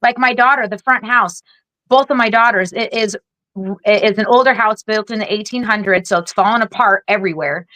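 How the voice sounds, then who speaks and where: A woman in her forties, a military veteran and podcast guest, telling her story in a blunt, heavily profane, rapid-fire way. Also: mid-range voice, pushed and bright, dry recording, poor audio. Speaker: guest, Air Force veteran.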